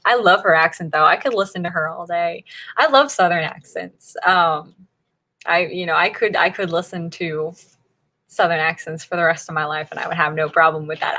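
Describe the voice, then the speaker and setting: With a lowish voice and a bright, forceful tone, a woman from Northern Virginia, USA hosts a writing-sprint livestream. She chats casually with viewers, often laughing at what appears in chat.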